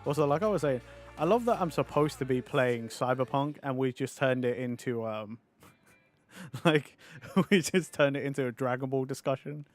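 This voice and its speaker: A young man streaming a game, chatting casually with viewers, animated and often laughing and swearing. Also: mid-range voice, normal speed, soft background music. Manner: animated, laughing, swearing, mocking others in put-on voices. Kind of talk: casual live-stream chat.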